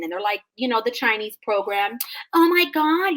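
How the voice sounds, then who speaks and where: A woman in her thirties with a high, bright voice co-hosts a casual chat. She tells her story in an animated, sassy way and acts out each person's lines. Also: moderate pace. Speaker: podcast co-host.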